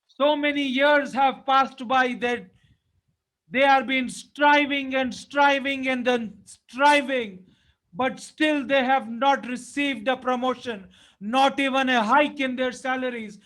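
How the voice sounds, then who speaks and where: A man's voice: very high-pitched, steady tone, slow pace, fairly bright tone, poor audio. A man preaching a sermon with fervent emphasis, building his points through short repeated phrases.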